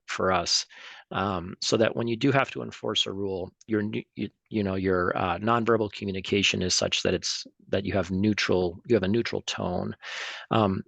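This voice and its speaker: Low, gravelly man giving a talk. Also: a bit bright, dry recording. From United States. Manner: hesitant, many ums and restarts, occasional throat clearing. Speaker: emergency physician and tennis official giving a talk. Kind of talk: informal presentation to an audience.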